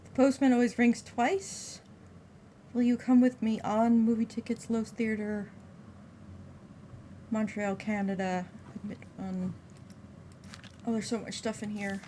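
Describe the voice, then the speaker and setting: A woman's voice: on the high side, unhurried, pauses often, slight background noise. Wisecracking woman streaming a horror game. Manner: expressive, wisecracking, reads aloud. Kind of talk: casual live gameplay commentary.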